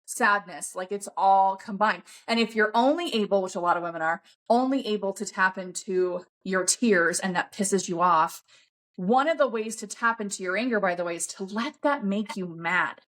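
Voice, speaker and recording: A woman's voice: medium pitch, normal speed, fairly bright tone. A woman talking bluntly and emphatically as a podcast guest, swearing often in a coaching tone. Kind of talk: casual podcast conversation.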